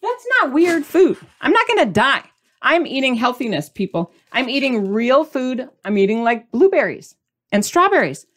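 A woman hosting a podcast in a casual, animated and emphatic monologue. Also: a little high, normal speed. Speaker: podcast host.

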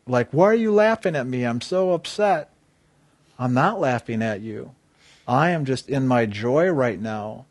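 With a medium-pitched voice and no room sound, a spiritual speaker gives an earnest inspirational talk on a spiritual theme. He frequently asks his listeners questions.

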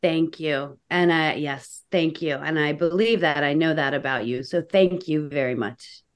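A woman comedian appearing as a podcast guest, gushing and excited and often repeating phrases. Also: deep voice, a little slow. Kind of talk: casual podcast chat.

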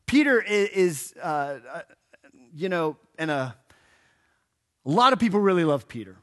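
In a lighthearted church sermon, a pastor narrates playfully, slipping in jokes now and then and acting out quoted lines with animation. He speaks at a measured pace in a slightly high voice.

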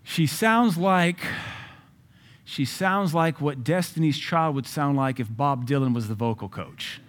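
Guy preaching a sermon, chatty and emphatic, jumps loud out of nowhere, cracks asides to the crowd. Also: medium pitch, moderate pace. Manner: emphatic, conversational preaching with sudden loud rises; jokes and asides to the audience.

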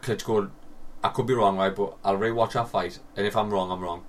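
A man's voice: on the low side, fairly even intonation, a little fast, recorded from a distance. A man co-hosting a casual chat podcast, riffing and swearing freely. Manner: swears freely, riffs with jokey asides. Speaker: podcast co-host.

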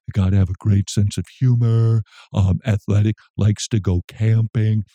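A man's voice: on the low side, little pitch movement, moderate pace, warm tone, no room sound, lo-fi sound, pitched below the performer's own voice, lightly acted. A man voicing a young woman who reads off her list of demands for a husband, in a dry, close sound. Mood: demanding.

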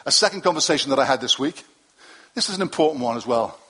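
Speaking fast and expressively, a middle-aged pastor preaches a conversational sermon to a congregation in a church hall, adding asides and self-deprecating jokes. His mid-range voice is bright and forceful with a breathy edge.

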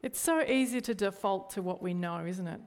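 A woman's voice: medium pitch, moderate pace. A middle-aged woman with an Australian accent, a church leader giving a sermon in an earnest way, often turning to the listeners with rhetorical questions.

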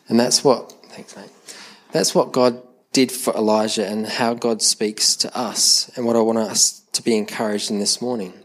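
A man's voice: lowish voice, steady tone, normal speed. A man preaching a sermon in a conversational way, often repeating words as he restarts a thought, with light humor toward the congregation. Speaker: pastor. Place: church service.

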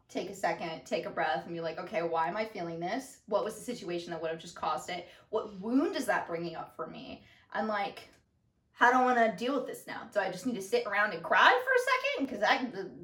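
A woman's voice: mid-range voice, fairly bright tone. A young woman co-hosting a podcast, chatting casually and playfully, with lots of fillers. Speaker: podcast co-host. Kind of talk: casual conversation. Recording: roomy sound from a distance.

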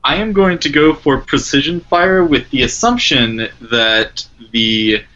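A deliberate, pragmatic man playing a tabletop game. His voice is bright and sharp. The audio is dull and lo-fi. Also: medium pitch, expressive. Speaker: player. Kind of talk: casual tabletop game play.

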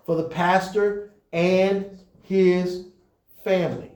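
A male pastor preaching to his leaders in an easy, conversational way, then pushing up into emphatic peaks. His voice sits high, and it rings in a reverberant church room. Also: fairly even intonation, takes it slowly, a little mellow.

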